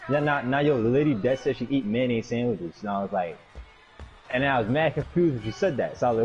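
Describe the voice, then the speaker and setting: A man's voice: medium pitch, fast, darkish tone, dull audio, soft background music. Young man telling a slangy, joking story. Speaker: gaming friend. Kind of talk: casual chat over gameplay.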